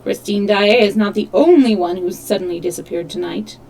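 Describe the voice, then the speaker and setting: A woman reading the lines of an angry male secretary in a hushed, urgent, accusing voice. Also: medium pitch, a little fast, vocal fry, lightly acted, rough recording.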